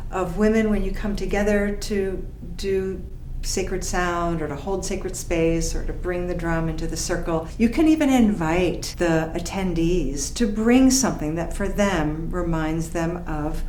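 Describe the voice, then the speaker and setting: A woman teaching frame drum and tambourine, calling out rhythm syllables and guiding gently and calmly. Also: fairly low pitch. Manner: calm, slow, encouraging instruction. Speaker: drumming teacher. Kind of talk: instructional lesson with vocal rhythm counting. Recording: echoey room with tambourine and drum. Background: frame drum and tambourine playing.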